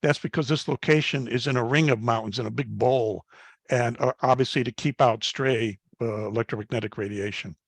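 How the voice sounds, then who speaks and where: A man's voice: mid-range voice, brisk, creaky, no echo. Folksy older man giving a slide talk. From Chicago, United States. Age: 70s. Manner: folksy storytelling with frequent fillers and restarts. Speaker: guest speaker at an astronomy club. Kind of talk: slide talk with personal anecdotes.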